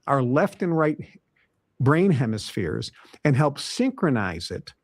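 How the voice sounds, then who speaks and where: A man's voice: medium pitch, darkish tone, no room sound, studio quality. A man hosting a self-help podcast who gives motivational advice in an emphatic way, listing points and repeating them. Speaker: podcast host.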